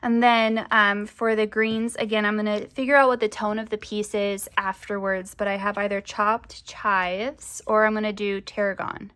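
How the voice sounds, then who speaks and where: A woman's voice: medium pitch, level tone, normal speed, few pauses, a bit bright, clear, resonant tone. A young woman chatting casually to camera as a crafting vlogger, rambling with lots of fillers, her voice often rising at the ends of sentences.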